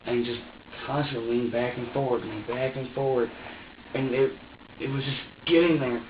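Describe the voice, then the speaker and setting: A man's voice: medium pitch, steady tone, moderate pace, distant mic, background noise. Man in an echoey interrogation room. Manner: rambling, repeating himself, acting out his own words. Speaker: suspect under interrogation. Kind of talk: recounting events to detectives. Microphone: far room camera. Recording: echoey, dull room recording from afar.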